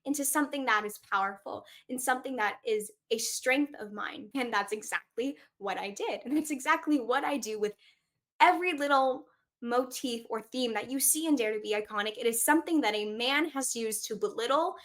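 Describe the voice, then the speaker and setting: Young female podcast host, bubbly and emphatic, slightly high voice, frequent laughs. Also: brisk, fairly bright tone. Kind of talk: casual solo podcast talk.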